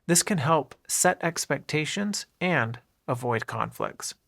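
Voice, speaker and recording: A man teaching everyday English phrases in a clear, deliberate scripted narration, modelling each phrase and explaining how words link together. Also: a little high, lively intonation, fairly bright tone.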